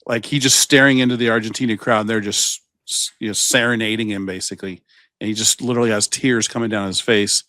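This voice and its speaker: A man's voice: on the low side, steady tone, fast talker, pushed and bright, no room sound, clean studio sound. A man co-hosting a podcast, giving sports takes in casual chat with lots of false starts. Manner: chatty, breaks off and restarts a lot. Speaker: podcast co-host.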